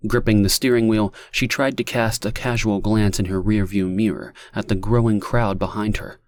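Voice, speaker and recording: A man with a lowish voice narrates an audiobook, giving a steady, measured reading of scripted text.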